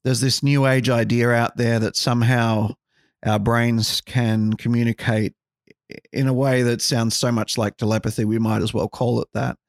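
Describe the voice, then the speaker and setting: A man's voice: mid-range voice, flat delivery, moderate pace, no echo, studio quality. Wry man musing on a podcast. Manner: wry, musing, sarcastic asides. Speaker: podcast host. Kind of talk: casual podcast monologue.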